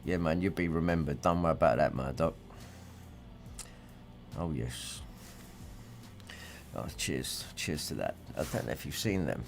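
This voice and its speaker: A man's voice: a bass voice, expressive, measured pace, gravelly, long pauses, faint music behind. A man, ranting and swearing in a rambling livestream monologue and reacting to viewer comments. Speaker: livestream host.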